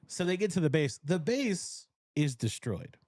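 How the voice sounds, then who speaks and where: A man's voice: fairly high pitch, very animated, unhurried, a little mellow, no echo, clean studio sound. A man hosting a podcast, animatedly retelling a movie plot in casual chat, swearing freely and laughing often. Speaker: podcast host. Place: cigar lounge podcast studio.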